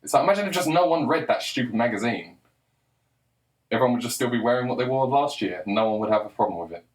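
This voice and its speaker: A man's voice: medium pitch, animated, fast. A man in his forties delivering a sarcastic, exasperated commentary rant. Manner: sarcastic, exasperated, mocking voices for quotes. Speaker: commentary vlogger. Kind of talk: ranting commentary monologue.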